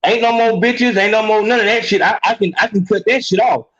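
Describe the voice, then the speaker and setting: A man's voice: sits high, fairly quick, a bit bright, roomy sound, highs cut off. A man hosting a call-in podcast, talking animatedly and profanely, often repeating himself and restarting sentences. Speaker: podcast host taking calls. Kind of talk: casual call-in advice talk.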